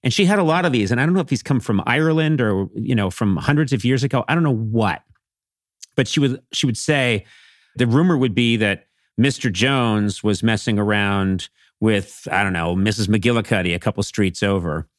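A middle-aged man from Massachusetts, a podcast guest telling comic stories with animated, playful swings into character voices. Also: lowish voice, moderate pace, dry recording, studio quality. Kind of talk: comic storytelling.

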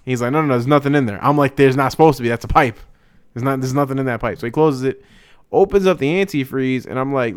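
A man's voice: mid-range voice, fast, smooth, no echo, studio quality. A young man telling a long, profane, joking story in a casual chat. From Hispanic family, father speaks Spanish. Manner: animated, profane, jokey storytelling.

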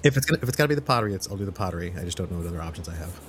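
Low-voiced man planning moves aloud. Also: lively intonation, slight background noise. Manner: deliberate, plans his character's moves out loud. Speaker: player. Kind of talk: tabletop game play.

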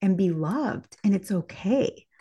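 A woman's voice: medium pitch, expressive, measured pace, husky. A woman hosting a podcast, responding to her guest with encouraging affirmations. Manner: encouraging, with frequent soft affirmations. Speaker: podcast host.

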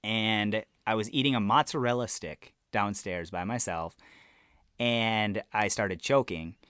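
A man's voice: fairly low pitch, fairly bright tone, clear, resonant tone, no echo, clean studio sound. A man telling a personal story in casual conversation, often restarting and repeating words. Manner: halting, repeats words when starting sentences.

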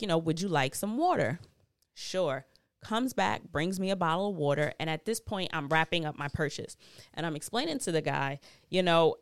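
Woman podcasting, lowish smooth voice, slangy and swears a lot, dry close sound. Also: no echo. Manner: chatty, profane, animated retelling with slang. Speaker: podcast host. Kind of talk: casual storytelling monologue.

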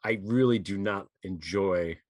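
A man's voice: deep voice, measured pace. A middle-aged man hosting a podcast, ranting heatedly with lots of swearing, then chatting casually. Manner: heated, profane and animated. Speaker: podcast host. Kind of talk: ranting monologue and casual chat.

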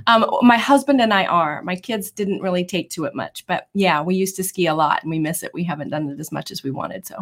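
A woman's voice: on the low side, brisk, few pauses. A woman from the United States, a business coach, talking in an upbeat, easy-laughing way in an online interview. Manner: warm, upbeat, laughs easily.

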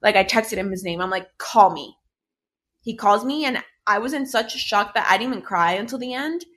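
A young adult woman, co-hosting a podcast, tells a personal story in casual chat, talking fast in a mid-range, slightly bright voice. She's candid and heated, swears a lot, and leans heavily on filler words.

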